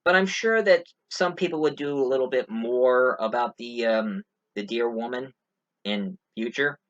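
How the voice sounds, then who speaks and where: A man's voice: mid-range voice, measured pace, fairly bright tone, muffled recording. Casual male movie reviewer, rambling and jokey. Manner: rambling, many fillers, joking asides.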